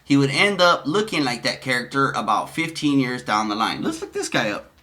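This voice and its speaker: A man's voice: mid-range voice, very animated, brisk, sharp tone. A man giving casual commentary, rambling and profane, often cutting himself off. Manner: profane, rambling, self-interrupting.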